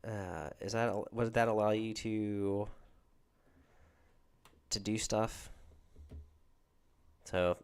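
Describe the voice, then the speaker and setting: A man from Georgia with a Southern accent hosts a relaxed livestream. His voice sits a little low, and he rambles on as he talks to his viewers. He keeps stopping to thank them. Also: extremely slow, pauses often, clear, resonant tone. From Georgia, USA. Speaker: livestream host. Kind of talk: casual livestream chat with viewers.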